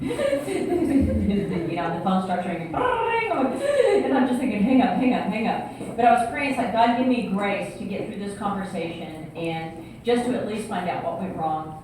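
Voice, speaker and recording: A woman's voice: mid-range voice, a little slow, a little hiss or hum. A woman speaking at a church singles event, telling a personal story with laughter and acted-out voices. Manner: animated, laughing, acting out voices in her story. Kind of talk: storytelling talk to an audience. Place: church hall with audience. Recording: echoey church hall from a distant mic.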